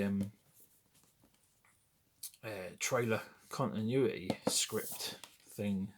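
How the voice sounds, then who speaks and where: Slight background noise accompanies a British collector in his forties as he talks in a lowish voice about his film memorabilia. The chat is casual and wry, full of rambling and self-corrections.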